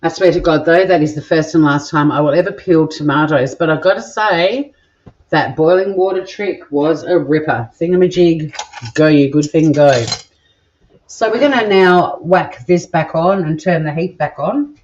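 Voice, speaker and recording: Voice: mid-range voice, normal speed, darkish tone, highs cut off, a little hiss or hum. A home cook with an Australian accent chatting casually while cooking in a home kitchen, joking crudely and rambling as they go. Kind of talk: casual cooking vlog chat.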